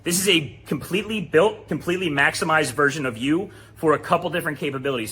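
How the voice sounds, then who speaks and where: A man from New Jersey presents a software demo to gym owners while sharing his screen. He talks in a blunt, salesy way and swears casually. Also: a little high, slight background noise. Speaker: fitness business presenter. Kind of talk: screen-share product demo narration.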